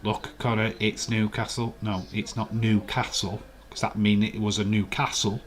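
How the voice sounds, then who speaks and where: Lowish-voiced Yorkshire man chatting live. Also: level tone, moderate pace, a little hiss or hum. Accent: Yorkshire English. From West Yorkshire, England. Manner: playfully argumentative, chuckling. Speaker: live stream host. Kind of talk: casual live watch-along chat.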